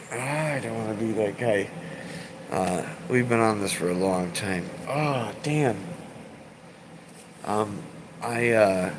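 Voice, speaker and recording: A man in his thirties chatting on a live stream, rambling and swearing, halting with fillers and repeats, emotional and choked up. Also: on the low side, noisy background. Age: 30s. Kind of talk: casual live-stream chat.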